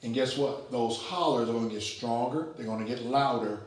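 A man preaching to a Bible class, swinging between loud, emphatic passages and quiet, low asides. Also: moderate pace, echoey room, heavy background noise. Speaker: pastor teaching a Bible class. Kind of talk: sermon.

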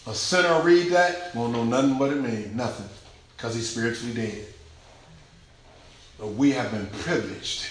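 A man's voice: mid-range voice, normal speed, pauses often, a little hiss or hum. Fervent preacher man in an echoey room. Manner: swings from shouted exclamations to hushed near-whispers; repetitive, rhythmic preaching cadence. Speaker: pastor. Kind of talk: preaching sermon.

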